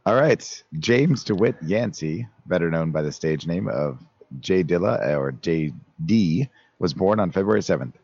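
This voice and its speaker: A man co-hosting a casual podcast, his voice hoarse from being sick, reading notes and laughing often. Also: low-pitched, lively intonation, a little slow, a little mellow, no echo, dull audio. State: hoarse from illness. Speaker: podcast co-host. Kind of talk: casual chat.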